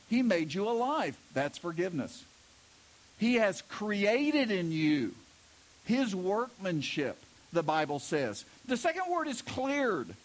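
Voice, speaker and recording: A middle-aged man preaching a sermon as pastor, telling stories and stressing key words with emphasis. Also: sits high. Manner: storytelling with emphatic preaching, voices quoted characters.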